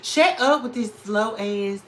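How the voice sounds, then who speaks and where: A man's voice: high voice, takes it slowly, slight background noise, poor audio. A man from Chicago chatting on a livestream while doing drag makeup, sassy and talking back to the comments. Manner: sassy, animated, talks back to chat. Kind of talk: casual livestream chat reading comments.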